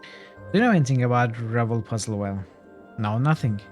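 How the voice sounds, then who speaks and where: A man's voice: mid-range voice, sing-song, a little fast, soft background music. A man streaming a role-playing game, reading his replies aloud in a playful, teasing way.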